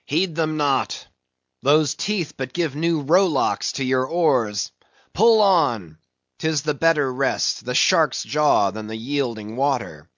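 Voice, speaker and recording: A fierce, obsessed old sea captain, as a man reading aloud puts him on, barking orders in a dry, slightly dull recording. His voice sits at an ordinary pitch for a man and drives each command home. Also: unhurried, few pauses, fairly bright tone, no room sound, close to an everyday voice. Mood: defiant. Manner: fierce, declamatory.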